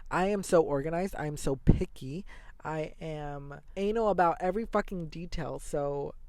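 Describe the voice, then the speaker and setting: A young man hosting a podcast, telling a story in a rambling, animated, casual monologue, with fillers and swearing. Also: a little high, moderate pace, no echo. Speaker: podcast host.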